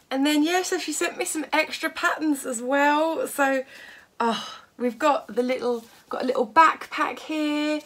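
Excitable woman, lively voice. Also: high voice. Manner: gushing, excitable, laughs often. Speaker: sewing vlogger. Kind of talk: casual unboxing vlog.

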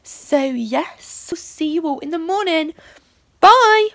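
Young woman, casual vlogger, self-deprecating chatter into a phone, slightly high voice. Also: measured pace, gravelly, dark tone. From United Kingdom. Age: young adult. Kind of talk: casual vlog chat.

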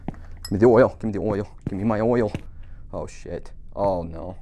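A man's voice: lowish voice, moderate pace, dark tone, slight background noise. A man giving jokey, profane commentary while playing a horror game, nervous and talking to himself. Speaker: gamer.

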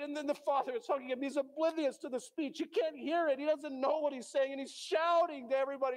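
High-voiced pastor telling a story. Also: male voice, steady tone, fast talker, hardly any pauses. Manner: dramatic storytelling, acting out the characters' lines. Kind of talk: sermon. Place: church.

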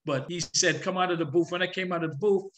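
A male musician guest telling his story in an animated way, breaking into sung hooks as he talks. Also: high voice, quick pace. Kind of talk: storytelling interview talk.

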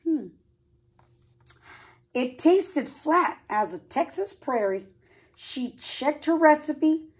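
A woman's voice: high-pitched, lively intonation, slow pace, long pauses. A woman preschool teacher reading a picture book aloud to young children, stopping often to ask them questions. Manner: asks children questions, warm sing-song asides. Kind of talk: storybook read-aloud for children.

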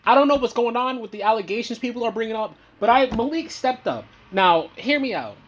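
A man giving a profane reaction rant, heated and swinging between loud outbursts and low muttering. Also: lively intonation, a little fast, a little hiss or hum. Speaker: commentator.

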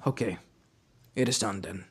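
A man voicing a measured old village leader. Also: fairly low pitch, husky, voice pushed down. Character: aging male village leader, measured and cautious. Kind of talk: fan story narration. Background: faint lo-fi music.

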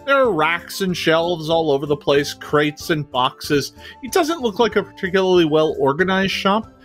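A game master running a fantasy tabletop session, mid-pitched and unhurried. The narration is loose and conversational, dotted with little fillers. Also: soft background music. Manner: relaxed, easygoing narration with fillers.

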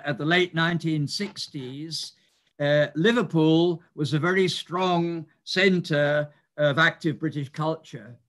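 An older man giving a reminiscing lecture, speaking in a measured, explanatory way with some hesitant fillers. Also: on the high side, a bit bright. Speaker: mathematician giving a talk.

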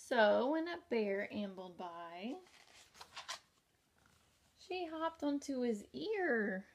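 A young woman teacher reads a picture book to small children in a slow, unhurried way, leaving room between phrases. Her voice sits a little high, and she keeps it gentle and expressive, often stopping to ask the listener what comes next.

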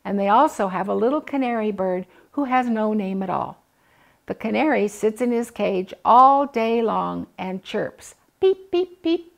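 An older woman reading a children's picture book aloud, gently voicing the animals and family. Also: a little high, gravelly. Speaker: storybook reader.

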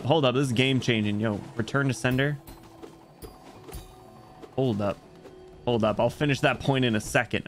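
Excitable man streaming a game. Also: medium pitch. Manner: excitable, exclamatory reactions, chats to viewers. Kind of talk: live gameplay commentary.

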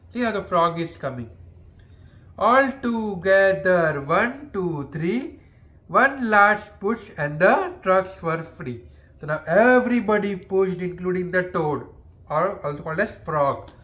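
A woman's voice: on the low side, a bit bright. Patient woman reading a picture book. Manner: slow, patient, explains and quizzes the child.

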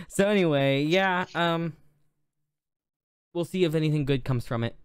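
Relaxed young man co-hosting a podcast. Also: on the high side, slow pace, clear, resonant tone, no echo, studio quality. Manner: relaxed, joking, many fillers. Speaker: podcast co-host. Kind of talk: casual tech podcast chat. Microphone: studio podcast microphone.

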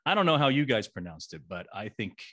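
A man's voice: on the low side, sing-song, fast, a bit bright. Chatty playful male podcast host. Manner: playful, chatty, rambling with restarts. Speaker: podcast host interviewing guest actresses. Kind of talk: casual interview chat.

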